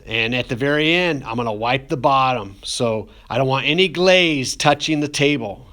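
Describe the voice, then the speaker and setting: This ceramics instructor speaks in a mid-range voice that's bright and forceful, at normal speed, during a classroom glazing demo video. Loose and joking, he rambles with lots of fillers and says he's "getting emotional" as a joke.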